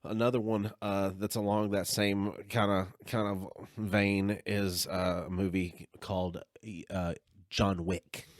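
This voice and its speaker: A man's voice: lowish voice, little pitch movement, takes it slowly, no room sound, clean studio sound. A man with a Southern US accent co-hosting a casual podcast chat, rambling with lots of fillers and sidebars. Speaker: podcast co-host.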